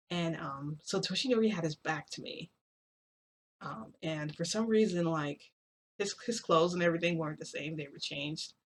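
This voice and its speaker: A woman casually telling a long story to her viewers, rambling with many fillers. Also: sits low. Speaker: vlogger.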